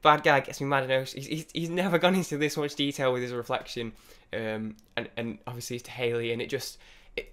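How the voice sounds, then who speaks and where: A young man giving rambling, excitable off-the-cuff first impressions of an album, with many restarts and some swearing. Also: mid-range voice, clean tone. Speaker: music reviewer.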